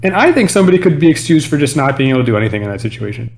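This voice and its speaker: A man's voice: mid-range voice, very animated, racing, creaky, a little mellow. A man co-hosting a casual podcast, joking and thinking ideas through aloud. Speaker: podcast co-host.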